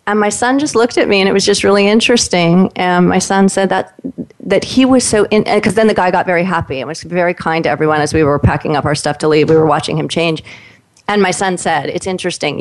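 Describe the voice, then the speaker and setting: A woman in casual conversation, telling stories in an animated way and acting out what the people in them said. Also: fairly low pitch, fast talker. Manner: animated storyteller, voices the people in her stories.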